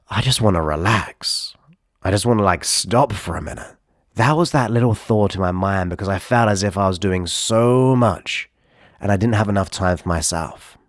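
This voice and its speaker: A man with a low voice gives an emphatic motivational talk, pushing his points with rhetorical questions. The sound is dry and close, with no room around it. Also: dry recording. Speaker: hypnotherapist and self-help speaker.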